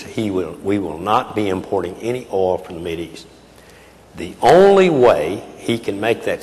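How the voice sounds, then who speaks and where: Eighty-year-old man, keynote speech, very low voice, long hall reverb, folksy and emphatic. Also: darkish tone. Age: 80s. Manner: folksy, emphatic, with frequent hesitations. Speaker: keynote speaker. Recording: reverberant hall, faint noise.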